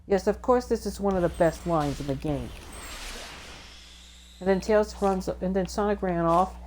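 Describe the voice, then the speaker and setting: Low-voiced woman rambling about a game. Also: normal speed, a little mellow, slight background noise. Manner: rambling, self-correcting, acts out quotes. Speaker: let's play host. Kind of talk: rambling game recap chat.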